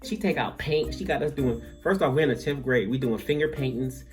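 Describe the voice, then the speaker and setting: Animated young man telling a story. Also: medium pitch, a little fast, music in the background. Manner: animated, filler-heavy, lots of "like". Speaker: vlogger. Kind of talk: comic storytime narration.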